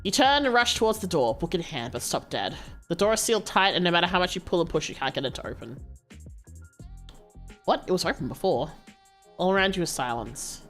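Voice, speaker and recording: A woman streamer reading a story game aloud, narrating in an expressive way. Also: on the low side, brisk, soft background music.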